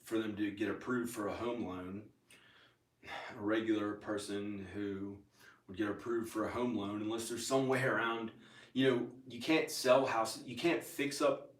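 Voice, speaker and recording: A man's voice: lowish voice, steady tone, measured pace, echoey room, far from the mic. A man talking in a casual, rambling monologue, repeating himself and filling gaps with ums and restarts. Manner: meandering, repeats himself, many fillers and restarts. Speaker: vlogger.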